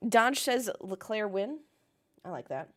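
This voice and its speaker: A woman's voice: mid-range voice, sing-song, a little slow. A young woman casually chatting on a livestream, reading chat comments and ranting with the odd swear word. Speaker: livestream host watching a race with chat. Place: home, in Melbourne.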